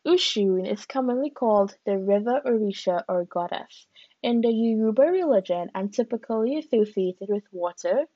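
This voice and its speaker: A woman's voice: medium pitch, expressive, normal speed, no echo, muffled recording. A woman hosting a podcast from a room at home, reading aloud and musing in a chatty way with lots of "like" and "you know". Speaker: podcast host. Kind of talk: casual podcast talk mixed with reading aloud.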